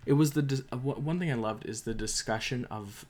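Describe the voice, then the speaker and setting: A young man talks through his thoughts on a book in a loose, unscripted way. He gets carried away, stumbles over his words and restarts sentences often. His voice sits at an ordinary middle pitch for a man. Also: brisk. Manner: emotional, rambling, frequent restarts and fillers. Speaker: book reviewer. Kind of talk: casual spoken book review.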